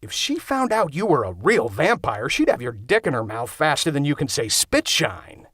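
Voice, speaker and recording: A man's voice: on the high side, big pitch swings, moderate pace, fairly bright tone, slightly rough, dry recording, studio quality, heavily acted. A man voicing an eager, goofy young man with impulsive ideas, in an audiobook reading.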